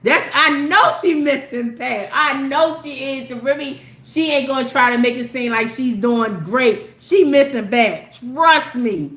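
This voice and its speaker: A woman's voice: measured pace, few pauses. Opinionated woman gossiping in an echoey room. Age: older. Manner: animated, opinionated, slangy, swings between low asides and loud exclamations. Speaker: commentary host. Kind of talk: casual celebrity gossip commentary. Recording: echoey room with faint ambient noise.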